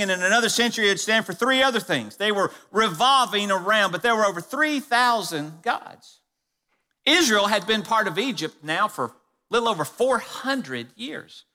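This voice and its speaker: Bright-voiced preacher man in a hall. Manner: emphatic preaching, slows and drops low on key phrases. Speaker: pastor. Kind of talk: sermon. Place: church sanctuary. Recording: long reverb of a church hall.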